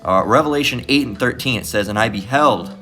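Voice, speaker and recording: A man's voice: mid-range voice, a little fast, pushed and bright, faint music behind. A man giving a rambling, casual scripture commentary as a self-styled bible teacher, cursing freely and tagging his sentences with "all right?". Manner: profane, digressive, constant "all right?" tags.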